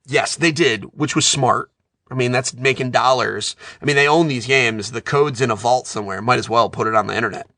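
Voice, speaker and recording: A man in his thirties chatting casually about video games, telling animated stories as a self-described nerd. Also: mid-range voice, a little fast, no echo, studio quality. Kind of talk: casual chat.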